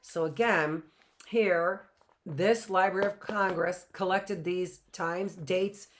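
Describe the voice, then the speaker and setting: A woman's voice: on the low side, fairly even intonation, takes it slowly, a little hiss or hum. Chatty woman teacher reading aloud. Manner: chatty, thinks aloud, often asks "right?". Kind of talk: reading aloud a book with live commentary.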